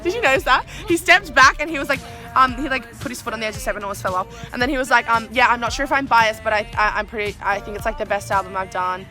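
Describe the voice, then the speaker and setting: Fast-talking young woman vlogger. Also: fairly high pitch, pushed and bright, faint music behind. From Australia. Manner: chatty, swears a lot, heavy use of "like". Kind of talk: excited casual storytelling.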